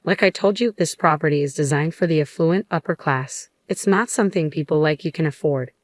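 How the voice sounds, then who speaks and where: A haughty, dismissive salesman who scoffs at his customers in a low, flat voice, as a woman narrator puts him on. The story is read in a dry, close recording. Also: fairly quick, dry recording, close to an everyday voice. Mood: sneering. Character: arrogant, mocking male condo salesman.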